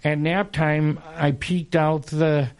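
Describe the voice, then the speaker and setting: A man in his sixties, a motivational speaker and interview guest, telling stories from his childhood in a halting way, with many fillers and restarts. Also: fairly high pitch, flat delivery, a little mellow, smooth. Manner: unhurried, halting, lots of fillers and restarts, chuckles. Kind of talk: casual storytelling in an interview.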